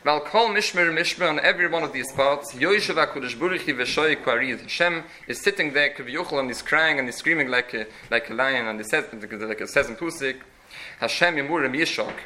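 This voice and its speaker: A man's voice: mid-range voice, fairly quick, hardly any pauses, bright, forceful tone, rough recording. A man teaching a religious lecture in an earnest, explanatory way, often restarting his phrases. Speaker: Torah teacher.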